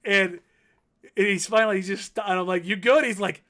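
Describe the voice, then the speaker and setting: Bright and forceful in tone, his voice sits high with fairly even intonation and a moderate pace. He's a man in his thirties co-hosting a casual sports talk show, and his storytelling wanders, full of fillers and false starts.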